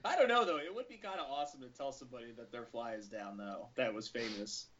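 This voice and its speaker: A man's voice: mid-range voice, fast, a crowd in the background. A man hosting a casual chat, reading out questions, laughing often and acting out little voices. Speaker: podcast host reading questions. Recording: dull lo-fi sound with faint noise.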